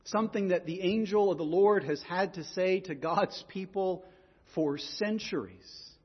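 A man's voice: high-pitched, a little slow, breathy edge, long reverb tail, dull audio. A man preaching a sermon in an earnest way, often repeating words as he goes. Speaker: pastor.

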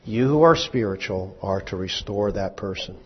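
A man preaching to a congregation, with a lowish, husky voice. He talks conversationally, poses questions and answers them himself. The recording is dull and lo-fi, with a long hall echo behind him. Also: lively intonation, moderate pace. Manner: conversational, with small restarts. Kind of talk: sermon.

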